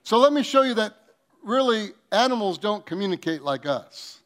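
A man preaching a sermon, telling comic stories with acted-out quotes and swinging between loud bursts and soft, earnest passages. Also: sits high, very animated, normal speed. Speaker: pastor.

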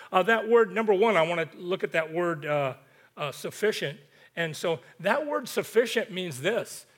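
A male preacher with a fairly high voice delivers a sermon. He reads scripture with emphatic, rhythmic rises and breaks into chatty asides to the people in front of him. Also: animated, a little fast, a bit bright. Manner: emphatic, rhythmic scripture reading with rising peaks; conversational asides to the congregation.

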